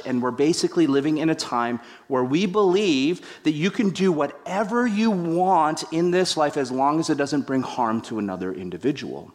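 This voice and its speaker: A middle-aged man delivers a sermon in a fairly high voice. He tells stories animatedly, acting out what people said. He pokes gentle fun at himself along the way. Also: moderate pace, hardly any pauses. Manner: animated storytelling with acted-out quotes; self-deprecating humor. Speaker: pastor.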